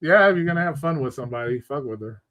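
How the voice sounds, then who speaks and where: A man's voice: on the high side, animated, quick pace, a bit bright, no room sound. A man hosting a crude casual chat show, blunt and joking, swearing freely. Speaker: show host.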